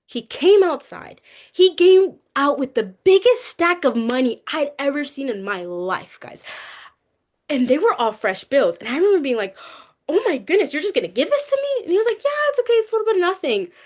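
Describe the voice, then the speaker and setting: A young woman giving a lively personal testimony to a youth group, talkative and acting out what people said. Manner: animated, talkative, acts out quotes with rising pitch.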